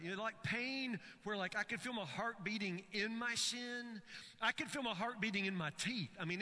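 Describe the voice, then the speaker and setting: A man's voice: high-pitched, normal speed, sharp tone, long reverb tail. A man preaching a sermon, telling stories with frequent stammered restarts. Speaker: pastor.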